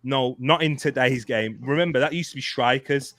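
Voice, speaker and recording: A man in a casual football podcast chat lays out his argument with example after example. His voice sits at an ordinary middle pitch. The sound is close and dry, with no room around it. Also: normal speed, fairly bright tone, dry recording. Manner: thoughtful, builds arguments with lists of examples. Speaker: podcast co-host.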